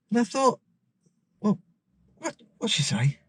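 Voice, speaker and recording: A man's voice: a little high, a little slow, pauses often, no room sound. Chatty man telling a story. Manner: rambling, animated retelling with many restarts. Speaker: driving instructor. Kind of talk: casual storytelling vlog. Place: outdoors by a parked car.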